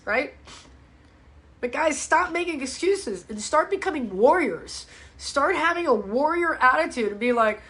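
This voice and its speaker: A high, bright-toned woman coaching her viewers on a casual live stream. She talks bluntly and with fired-up energy, calls people out and swears freely. Her voice sits high and carries a bright, forceful edge. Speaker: fitness coach hosting a live ask-me-anything show. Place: home, speaking to a live audience online.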